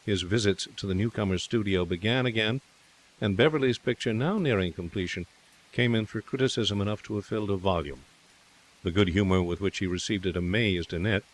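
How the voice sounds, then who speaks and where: A man narrating a classic short story in a steady, measured reading. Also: lowish voice.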